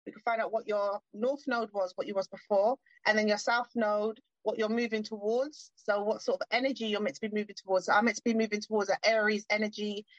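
A British woman from the UK, a guest in a casual interview, talking in a lively, giggly way. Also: medium pitch, quick pace, hardly any pauses, no room sound. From United Kingdom. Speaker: guest, spiritual medium. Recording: dry, muffled remote audio.

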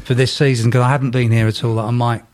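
A man's voice: mid-range voice, little pitch movement, quick pace, a crowd in the background. A man hosting a casual football podcast, rambling and often restarting his sentences.

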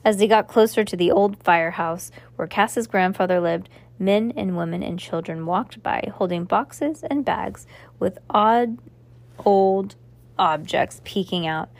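A woman reading a children's novel aloud with steady narration, stumbling and restarting now and then. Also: mid-range voice, measured pace. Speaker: reader.

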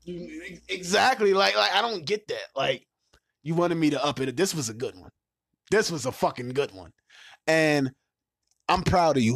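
A man in his thirties hosting a casual podcast, talking in profane, animated rants with loud laughs. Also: medium pitch, no room sound, studio quality. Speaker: podcast host.

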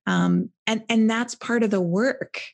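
A woman's voice: on the high side, a little slow, vocal fry, darkish tone. A woman podcast host talking reflectively and hesitantly in a casual conversation. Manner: reflective, hesitant, many fillers.

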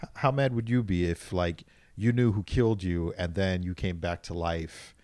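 A man chatting casually about a TV show, halting and hesitant with many fillers, laughing often. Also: low-pitched, steady tone, darkish tone, dry recording.

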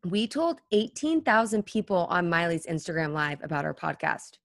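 Calm, lower-voiced young woman co-host. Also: normal speed, no room sound, studio quality. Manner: chatty storytelling with frequent "like"s, calmer tone. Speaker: podcast co-host. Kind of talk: casual chat.

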